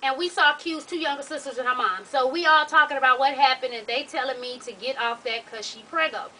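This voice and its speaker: Sassy high-voiced woman vlogger. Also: a little fast, distant mic, poor audio. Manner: sassy, blunt, swears freely, loud exclamations. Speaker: advice vlogger reading a viewer letter. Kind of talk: casual advice vlog.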